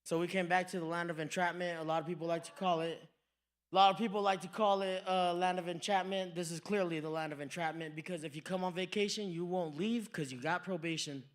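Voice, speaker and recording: Young man, stand-up comic, high voice, laid-back storytelling, club stage mic. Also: fairly even intonation, a little fast. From New Mexico, USA. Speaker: stand-up comedian. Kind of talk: stand-up comedy set.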